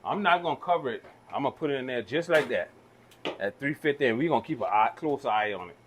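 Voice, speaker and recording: A man's voice: mid-range voice, lively intonation, fast. A middle-aged man, casually teaching how to cook in a folksy, laid-back way. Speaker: home cook, father. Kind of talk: casual cooking instruction.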